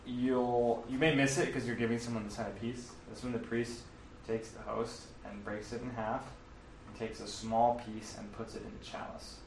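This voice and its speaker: A man's voice: medium pitch, flat delivery, moderate pace, creaky, a little hiss or hum. A man casually walking listeners through the Mass, with fillers and self-corrections. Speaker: teacher explaining the Mass. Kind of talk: casual explanatory talk. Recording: roomy, from a distance, faint ambience.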